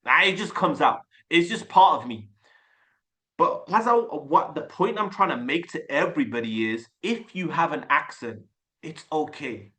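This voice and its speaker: A man in his forties from Birmingham with a Birmingham accent, Urdu as his first language, coaching a group on a video call in an energetic, chatty way and often restarting his words. He talks through a desktop webcam mic. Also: on the high side, normal speed. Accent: Birmingham English. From Birmingham, England. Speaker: sales coach.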